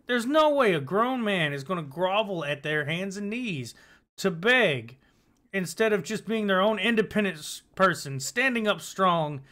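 Casual commentary host, male; rambling, profane delivery with a high, bright tone. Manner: rambling, swears, trails off and restarts.

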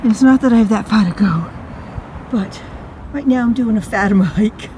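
An older woman talks her way along a wooded trail in a mellow, unhurried voice, chatty and poking fun at herself. She is a little out of breath from the climb. A faint hiss of outdoor noise sits behind her phone recording. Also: mid-range voice. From New England, USA. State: out of breath from hiking. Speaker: vlogger. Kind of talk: casual walking vlog narration.

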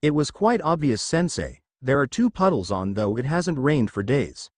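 A man reading the lines of a brash, cocky teenage boy ninja in a storybook, in a lively voice. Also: medium pitch, normal speed, no room sound, clean studio sound. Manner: cocky and blunt.

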